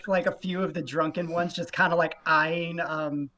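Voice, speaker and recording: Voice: medium pitch, steady tone, moderate pace, pushed and bright. Rambling player full of fillers. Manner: rambling, many likes and fillers. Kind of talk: casual tabletop chat.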